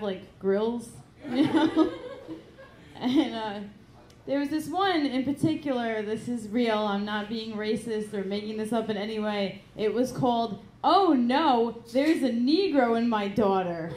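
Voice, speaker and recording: A woman's voice: a little high, unhurried, darkish tone, slight background noise. A woman doing stand-up comedy on a club stage, giggling often and hesitating with many ums. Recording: echoey club room with ambience.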